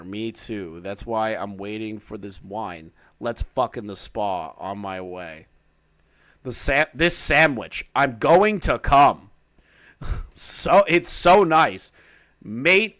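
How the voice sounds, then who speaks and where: A man's voice: fairly low pitch, a bit bright. A man reading aloud from a document and commenting on it in a casual, profane, sarcastic way. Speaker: drama commentary YouTuber.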